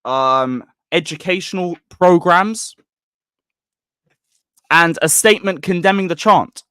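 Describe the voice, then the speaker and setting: A man's voice: high voice, takes it slowly, long pauses, a bit bright, clear, resonant tone, dry recording, studio quality. A man hosting a football live stream, ranting bluntly and angrily at his chat.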